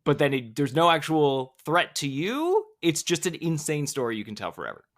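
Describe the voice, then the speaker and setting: A man's voice: fairly high pitch, big pitch swings, normal speed. A man co-hosting a podcast, joking and laid-back in casual chat. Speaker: co-host.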